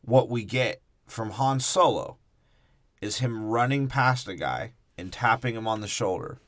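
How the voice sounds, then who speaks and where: A man's voice: on the low side, a little slow, fairly bright tone, no echo, clean studio sound. A man co-hosting a casual podcast, rambling through irreverent jokes and swearing while discussing a film. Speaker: podcast co-host. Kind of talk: casual movie breakdown chat.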